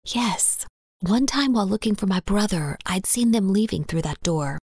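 Lady voicing a gutsy young western gal, hushed and urgent, dry sound. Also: medium pitch, lively intonation, normal speed, husky, no echo.

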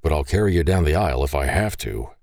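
A man's voice: extremely low pitch, expressive, fast talker, darkish tone, no room sound, studio quality. A man doing a flirty joking groom.

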